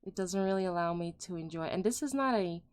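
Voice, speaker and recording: A woman's voice: fairly low pitch, expressive, fast talker, darkish tone, clear, resonant tone. A woman streamer chatting casually on a late-night stream, blunt and apologetic, often giggling.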